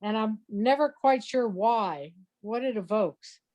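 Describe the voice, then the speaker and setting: A woman hosting a casual interview, speaking softly and haltingly with many pauses and restarts. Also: fairly high pitch, animated. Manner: halting, many fillers and restarts, soft-spoken.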